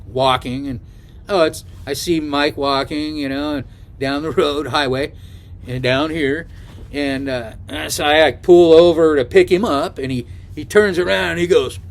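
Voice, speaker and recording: An older man telling a story to camera in a casual, rambling way, full of asides and fillers. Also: medium pitch. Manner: rambling, chatty, full of asides and "you know". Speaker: travel vlogger.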